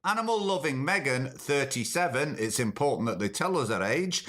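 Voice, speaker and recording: A man's voice: medium pitch, lively intonation, moderate pace, fairly bright tone. A man hosting a podcast, delivering a sarcastic, mocking comedic rant. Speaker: podcast host. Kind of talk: comedic ranting monologue.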